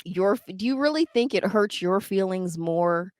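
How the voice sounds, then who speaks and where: A woman co-hosting a laid-back podcast chat, animated and quick to laugh, slipping into quoted voices. Her pitch sits in the middle range, and the recording is dry and close. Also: no room sound. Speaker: podcast co-host. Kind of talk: casual chat.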